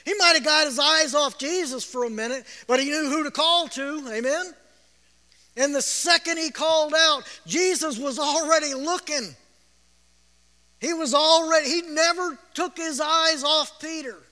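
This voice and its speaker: A man preaching a sermon as a storyteller. He repeats words, laughs, and bursts out in loud shouts. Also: very high voice, moderate pace. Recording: long reverb of a large hall.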